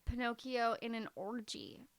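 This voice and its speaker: A woman co-hosting a podcast in casual chat, talking fast and loose with lots of "like" and frequent laughter. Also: fairly high pitch, fairly even intonation, clean tone. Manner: chatty, heavy use of "like", laughs often. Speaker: podcast co-host.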